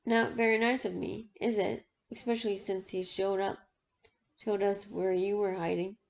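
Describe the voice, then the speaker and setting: A woman reading aloud and voicing a menacing adult male gang thug who talks in a soft, mocking voice. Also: medium pitch, level tone, moderate pace, vocal fry, a little hiss or hum, natural voice. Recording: dull lo-fi recording.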